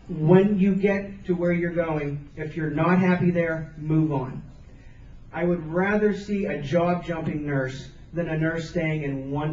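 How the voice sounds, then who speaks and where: A man's voice: a little high, darkish tone, slight background noise. A man giving an earnest, emphatic motivational speech to students, repeating phrases for stress. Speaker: motivational speaker. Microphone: camcorder from the audience. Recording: roomy, distant, dull camcorder sound.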